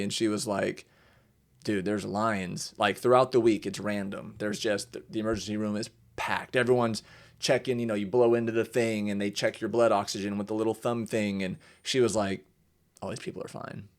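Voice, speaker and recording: A young man hosting a podcast in casual chat, animated and swearing freely, acting out quotes in raised voices. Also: lowish voice, moderate pace. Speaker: podcast host.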